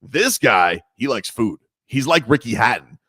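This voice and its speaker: A man's voice: mid-range voice, big pitch swings, unhurried, bright, forceful tone, husky, dry recording. Joking man on sports radio, dry studio sound. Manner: loose, joking, lots of fillers. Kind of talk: casual sports radio chat.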